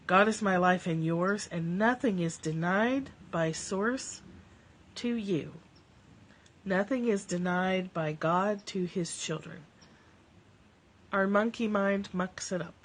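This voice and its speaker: A woman's voice: mid-range voice, slow. A woman hosting a casual livestream from home, reading spiritual passages and chatting, laughing often as her cats interrupt. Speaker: live-stream host. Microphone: phone or webcam livestream.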